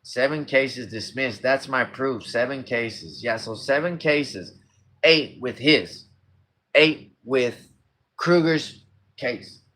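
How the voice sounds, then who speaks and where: A man on a livestream, his voice bright and forceful. He reads a report aloud and keeps cutting in with blunt, profane, combative remarks. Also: medium pitch, slow pace. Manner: profane, combative, talks over the text he reads. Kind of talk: reading a report aloud with commentary.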